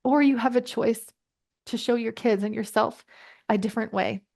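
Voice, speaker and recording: A woman in her thirties, a parenting coach, telling a personal story in an earnest, reflective way with quick asides. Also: fairly high pitch, fairly even intonation, gravelly, darkish tone. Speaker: podcast guest, parenting coach. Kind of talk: conversational storytelling.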